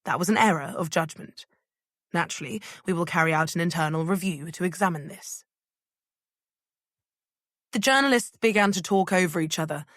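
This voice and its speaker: A woman reading an audiobook thriller in scripted narration, measured and even. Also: fairly low pitch, no echo, studio quality.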